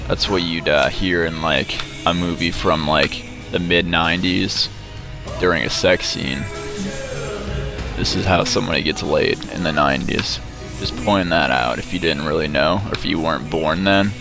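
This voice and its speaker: A man's voice: extremely low pitch, moderate pace, vocal fry, over music. A man giving sarcastic, mock-bragging gameplay commentary, profane and rambling. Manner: rambling with frequent restarts. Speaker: gamer commenting on his play.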